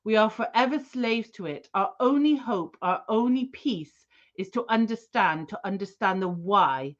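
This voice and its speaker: Smug male information broker who lectures slowly and loftily, read by a woman, mid-pitched, dull lo-fi audio. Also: lively intonation, lightly acted. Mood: lofty.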